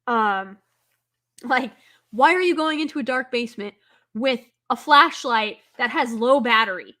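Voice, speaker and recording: A woman hosting a live stream, chatting casually with viewers, rambling with lots of filler words and breaking into loud, exasperated outbursts. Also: on the high side, moderate pace. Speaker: livestream host.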